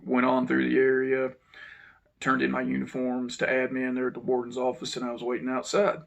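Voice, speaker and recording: A man, telling a personal story to his channel's viewers in an unhurried, reflective way that sometimes drops to a low mutter. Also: completely flat delivery, gravelly. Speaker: channel host. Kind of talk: casual storytelling monologue.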